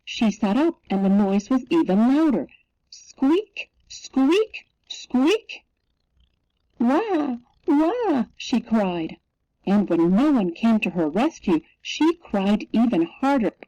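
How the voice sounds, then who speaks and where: Slow expressive woman reading a storybook. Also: mid-range voice, dry recording. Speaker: storybook reader. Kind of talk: reading a picture book aloud. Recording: dull lo-fi recording.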